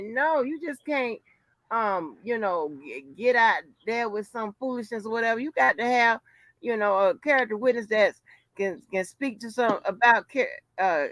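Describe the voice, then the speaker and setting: A woman hosting a casual chat who is outspoken, expressive and laughs often. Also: a little high, no echo. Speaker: host.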